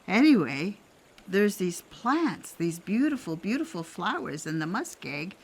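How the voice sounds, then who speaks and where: An older woman from Canada, an elder telling a personal story in a gentle, reflective way, pausing often and laughing softly. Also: lowish voice, sing-song, slightly rough. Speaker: elder sharing traditional teachings.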